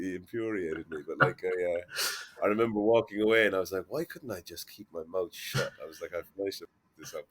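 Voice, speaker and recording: A man, a guest in his thirties, telling a casual, rambling story about his work, full of "like" and restarts. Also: sits low. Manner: rambling, filler-heavy, frequent "like". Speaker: guest, fibrous plasterer.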